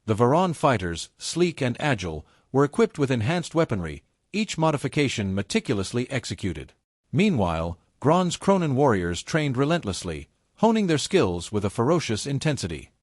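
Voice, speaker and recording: A man reading a science fiction story as audiobook narration, in a dramatic, measured way. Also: mid-range voice, sing-song, no echo, studio quality.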